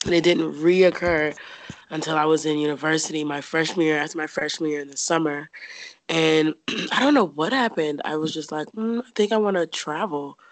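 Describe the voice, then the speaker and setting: A woman's voice: low voice, normal speed, no room sound. A young woman from the United States casually telling a personal story as an interview guest, chatty, with many fillers and frequent laughs.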